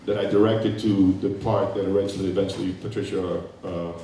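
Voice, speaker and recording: An animated man in his fifties tells a story as a panel guest, acting out the voices of people he quotes. His voice has a slightly low pitch. It comes from far off the mic and echoes around a big hall, with faint noise behind it. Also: brisk. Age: 50s. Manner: animated, acting out quoted lines, laughing often. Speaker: guest actor. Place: festival event hall.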